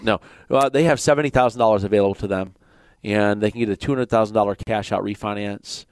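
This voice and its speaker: A man's voice: mid-range voice, no room sound. A man with a Michigan accent hosting a radio mortgage show, explaining loans in a plainspoken way with jokes mixed in. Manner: plainspoken, joking between explanations. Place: radio studio.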